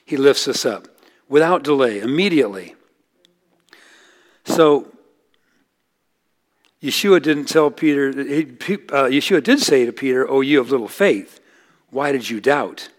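A middle-aged man preaching, his pitch sitting right in the everyday middle. He tells stories earnestly, lifting his voice for quoted lines and sinking soft and low to land a point. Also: measured pace, pauses often. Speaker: pastor. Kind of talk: sermon.

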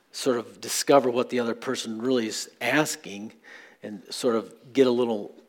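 A man preaching a sermon as pastor, conversational and questioning, building to earnest appeals to the congregation. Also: on the low side. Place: church sanctuary.

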